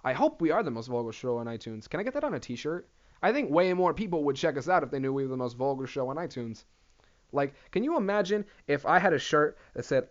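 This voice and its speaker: Talking fast with a voice on the high side, this podcast host runs his solo comedy show alone. He's profane, rambling and animated, captured in dull lo-fi audio.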